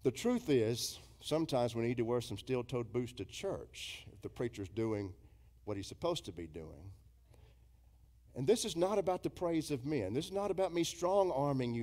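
A man's voice: sing-song, normal speed. A middle-aged man, a pastor preaching a sermon in a church, emphatic and storytelling, mimicking imagined congregants. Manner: emphatic preaching with big swings in pitch and loudness, quoting imagined congregants. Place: church sanctuary.

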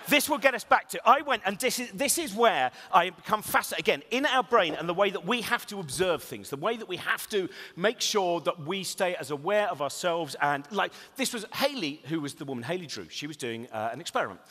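A man's voice: high-pitched, fairly quick, hardly any pauses. A man giving a comic lecture in a large hall, rambling and interrupting himself. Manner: rambling, self-interrupting, animated. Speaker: comedian giving a talk. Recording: reverberant hall.

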